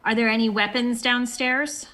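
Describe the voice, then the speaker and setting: A woman playing a character in a tabletop game, speaking in a deliberate, measured way. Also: a little high, fairly even intonation, fairly bright tone. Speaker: player. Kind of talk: tabletop role-play.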